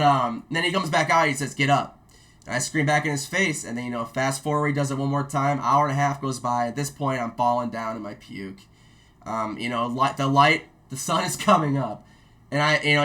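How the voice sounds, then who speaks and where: A man spins a profane army story in loose, casual talk. His voice has a bright, forceful edge, and he throws in loud shouted quotes as he goes. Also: medium pitch. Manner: profane, animated storyteller who mimics shouts. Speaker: guest, army veteran.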